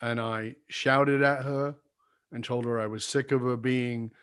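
An older man, a guest, sharing a personal story in an earnest, confessional way, his voice going soft and low at tender moments. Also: fairly even intonation, unhurried, clear, resonant tone. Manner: earnest, confessional, drops soft and low when recalling apologies.

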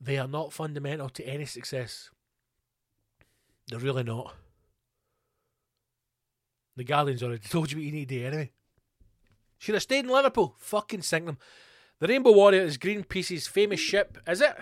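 स्कॉटिश लहजे वाला एक आदमी, जो अपने पॉडकास्ट पर गाली-गलौज के साथ ज़ोर से और मज़ाक उड़ाते हुए भड़ास निकालता है।. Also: male voice, fairly high pitch, lively intonation, moderate pace, long pauses, no echo, clean studio sound. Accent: Scottish. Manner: sweary, loud and mocking, reads news aloud. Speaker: podcast host. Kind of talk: ranting solo podcast.

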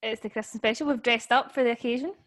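A woman's voice: a little high, fairly even intonation, fast talker, fairly bright tone. A young woman co-hosting a podcast over a video call, teasing and laughing often. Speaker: podcast co-host. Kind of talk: casual chat.

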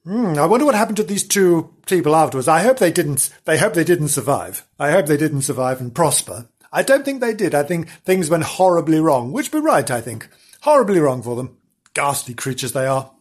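Male host hamming up a ghost story, husky, swoops all over. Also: on the high side, sing-song, fairly quick. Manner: theatrical and melodramatic, hamming up the gore. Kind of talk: comic ghost-story telling.

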